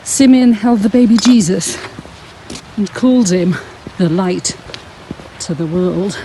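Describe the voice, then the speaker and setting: A woman leading a Sunday school walk, giving a gentle, reflective talk outdoors while slightly out of breath. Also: mid-range voice, slow pace, a little hiss or hum, low-quality recording. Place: outdoors on a frosty hillside walk.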